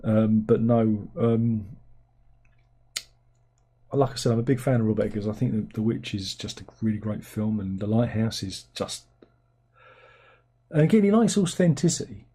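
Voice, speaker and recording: A man with a very dark, mellow and husky voice hosts a casual film review. He rambles sardonically through viewer comments and jumps into incredulous, high-pitched disbelief. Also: animated, normal speed, long pauses. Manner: rambling, sardonic, breaks into incredulous squeaky outbursts.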